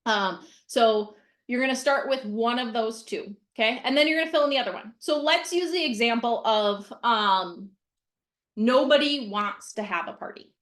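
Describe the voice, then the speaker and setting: A blunt, emphatic middle-aged woman teaching casually over a video call, her voice sitting a little high. She drives each point home and checks in with "okay?" after nearly every line. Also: animated, moderate pace, a bit bright. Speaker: mindset coach.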